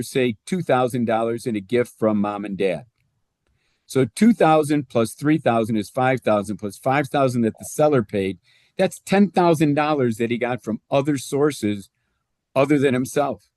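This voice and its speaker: A man's voice: medium pitch, darkish tone, no echo, studio quality. A man explaining home loan math step by step in a conversational teaching style. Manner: conversational, walks through numbers step by step. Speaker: real estate presenter.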